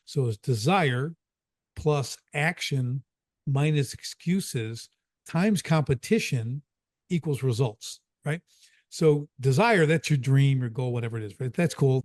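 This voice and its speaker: A man's voice: medium pitch, unhurried, a little mellow, no room sound. Emphatic storytelling man, dry close sound. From Chicago area, USA. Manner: emphatic storyteller, repeats key phrases, says "right?" often. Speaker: business coach and guest. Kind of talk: casual podcast conversation.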